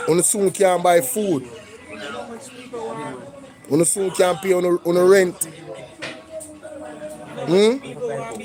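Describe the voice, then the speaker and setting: A Jamaican man hosting a reaction stream, commenting casually and slipping into patois. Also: sits high. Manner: conversational, lapsing into patois. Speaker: reaction channel host. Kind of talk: casual commentary with livestream shout-outs.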